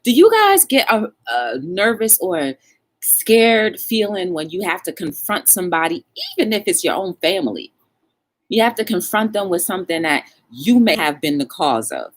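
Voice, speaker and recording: A woman's voice: mid-range voice, lively intonation, normal speed. A woman hosting a live talk show, telling a story and acting out both sides of the dialogue, and calling her viewers y'all.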